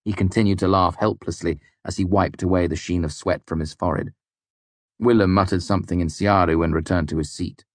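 A man narrating an audiobook in a calm, steady storytelling voice. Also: deep voice, a little fast, dry recording. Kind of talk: scripted narration.

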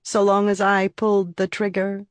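A narrator voicing a haunted young girl who speaks in a flat, cold monotone. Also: medium pitch, normal speed, no echo, clean studio sound, pitched above the performer's own voice, natural voice.

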